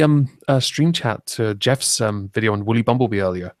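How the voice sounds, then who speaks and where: A man from England with a fairly low voice hosts a casual live-stream hangout. He is wry and self-deprecating, laughing often as he talks. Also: moderate pace, no room sound, studio quality. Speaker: stream host. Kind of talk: casual chat.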